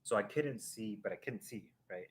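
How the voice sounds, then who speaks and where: Male stream host, lowish voice, casual rambling storyteller who acts things out. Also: moderate pace, slight background noise. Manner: animated, acting out a ride with sound effects; rambling, with restarts and fillers.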